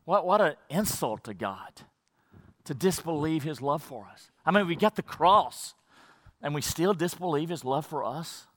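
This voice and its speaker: Male pastor, sermon delivery, fairly high and bright voice, dry close sound, shifts from fervent to hushed, repeats for emphasis. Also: lively intonation, a little slow, no room sound. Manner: swings from fervent rising emphasis to hushed low drops.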